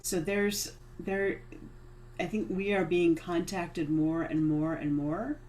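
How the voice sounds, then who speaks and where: A woman guest in a casual spiritual chat, speaking haltingly with many restarts. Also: lowish voice, fairly even intonation, a little mellow. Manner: hesitant, many restarts and fillers.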